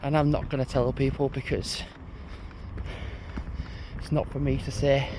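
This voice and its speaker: A man's voice: medium pitch, level tone, a little slow, background noise. A young man, rambling casually to his phone while out on an evening walk uphill. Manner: rambling, chatty monologue. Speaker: vlogger. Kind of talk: casual walking vlog.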